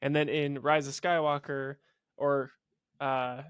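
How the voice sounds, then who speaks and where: A man co-hosting a podcast in casual chat, excitable and swearing freely. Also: medium pitch, slow pace, smooth, no room sound, clean studio sound. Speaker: podcast co-host.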